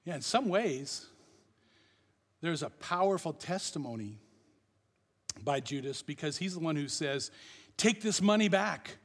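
High-pitched guy preaching a sermon, gets loud then drops real quiet, echoey church hall. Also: expressive, a little slow, long pauses. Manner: impassioned preaching, big swings between loud and hushed. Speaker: pastor.

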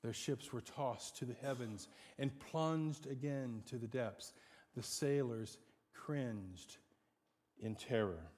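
A man preaching a sermon, dramatic, swinging from hushed to loud. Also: medium pitch, slow. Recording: long hall reverb.

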